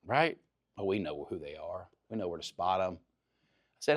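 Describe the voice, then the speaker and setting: A man preaching a chapel sermon, moving from quiet personal storytelling to loud, impassioned preaching. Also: deep voice, sing-song, moderate pace, dry recording, studio quality. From Oklahoma.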